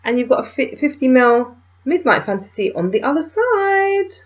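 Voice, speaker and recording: A woman chatting to camera as a beauty vlogger, telling stories in an animated way and calling viewers darlings. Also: high-pitched, normal speed. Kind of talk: casual chat to camera. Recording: dull, muffled home video sound.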